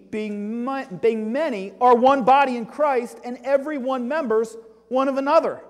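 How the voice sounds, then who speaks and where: A man preaching a sermon as pastor, emphatic, swinging between loud exclamations and hushed asides. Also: sits high. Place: church sanctuary. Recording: long reverb of a church hall.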